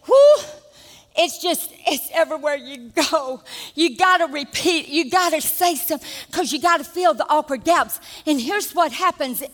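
An older woman pastor preaching a sermon, animated and folksy, rising to shouts at the peaks. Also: high-pitched. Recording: long reverb of a church hall.

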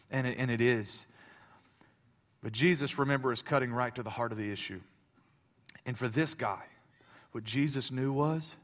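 A male pastor in his thirties preaching a sermon, swinging between loud impassioned preaching and soft confiding talk, with many stammering restarts. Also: mid-range voice.

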